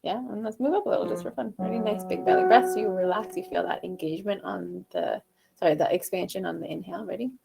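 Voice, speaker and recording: Teaching a live online singing lesson, this woman vocal coach is a fast talker with some vocal fry. She explains calmly with chuckles and fillers, then switches to loud staccato "ha" drills that jump up into head voice.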